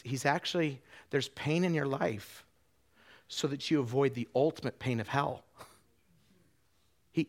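A man preaching a sermon, telling a story in a loose, conversational way with many restarts, dropping his voice low for quoted lines. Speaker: pastor.

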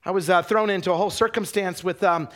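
High-voiced man preaching with animated questions. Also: fast talker. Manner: animated storytelling with rhetorical questions to the congregation; repeats words when starting sentences. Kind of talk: sermon.

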